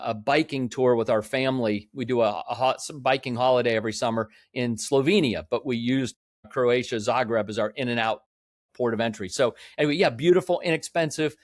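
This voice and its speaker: A man's voice: medium pitch, no room sound, studio quality. A man speaking as a podcast guest, earnest and explaining, often checking in with "right?". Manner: earnest, frequent "right?" tag questions. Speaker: podcast guest, real estate developer. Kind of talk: conversational interview.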